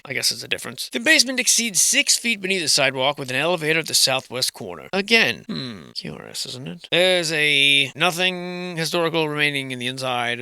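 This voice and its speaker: A man's voice: mid-range voice, sharp tone, no room sound. A young man in whispered comedic commentary, reading out building records and mocking them with sarcastic asides. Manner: sarcastic, mocking asides and sudden put-on voices. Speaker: host. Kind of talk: whispered comedic commentary over archive photos.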